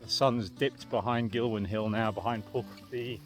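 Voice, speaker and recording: A man's voice: lowish voice, steady tone, normal speed, faint music behind. A man vlogging while he walks outdoors on a country lane, chatty and thinking aloud as he goes. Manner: chatty, thinking aloud, understated British phrasing. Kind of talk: walking vlog narration.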